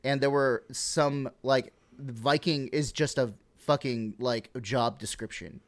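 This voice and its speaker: A young man from Texas, with a Texan accent, co-hosts a casual podcast and rambles through explanations, using lots of fillers and swearing. His mid-range voice is slow, with fairly even intonation.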